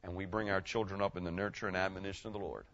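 A middle-aged man preaching a sermon as pastor, swinging between loud emphatic lines and hushed ones. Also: sits low, steady tone, racing, highs cut off, a little hiss or hum. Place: church.

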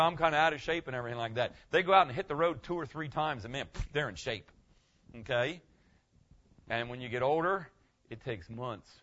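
An older male pastor gives a loose, conversational sermon. He rambles in a folksy way and keeps checking in with "okay?". His voice sits a little high, and the recording sounds dull and muffled. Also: pushed and bright.

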